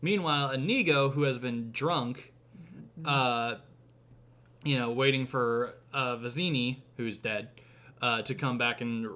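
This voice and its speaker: A man's voice: medium pitch, measured pace, bright, forceful tone. A young man hosting a podcast, casually retelling a film's plot with lots of fillers, swearing and acted-out quotes. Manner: rambling, acts out quotes, frequent fillers and cursing. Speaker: podcast host.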